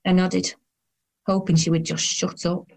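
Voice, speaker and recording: A woman's voice: lowish voice, flat delivery, measured pace, creaky, darkish tone. An actress as a dry, weary woman of thirty-two. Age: 30s. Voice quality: dry, sardonic inner voice. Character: weary, self-conscious woman of 32, quietly sardonic. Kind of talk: first-person audio drama narration.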